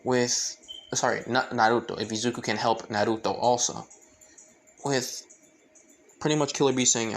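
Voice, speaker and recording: A young man narrates a fan-made story on the fly, middling in pitch. He rambles, restarts sentences, and speaks straight to his viewers. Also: steady tone, normal speed, pauses often, a little hiss or hum. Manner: rambling, many fillers and restarts.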